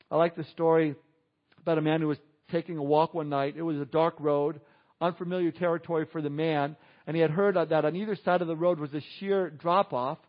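High-voiced preaching man, lo-fi audio. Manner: lively storytelling preacher, dips quiet for emphasis. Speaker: pastor. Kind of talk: Easter sermon. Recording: dull lo-fi audio.

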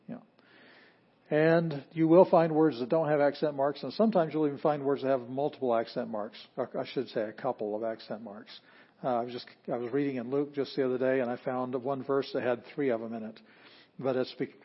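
Male teacher, mid-pitched, easygoing classroom lecture with small laughs, muffled lo-fi recording. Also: a little fast. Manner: relaxed, chuckling, plainspoken, with fillers. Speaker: Greek teacher.

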